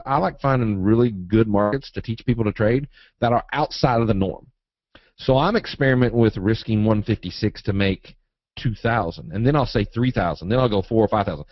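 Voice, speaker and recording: A man's voice: medium pitch, no echo. A man from Eastern Kentucky with a Southern accent, teaching a live trading webinar in a folksy, joking way, reading out viewer questions and answering them. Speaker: trading educator. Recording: dry, muffled webinar audio.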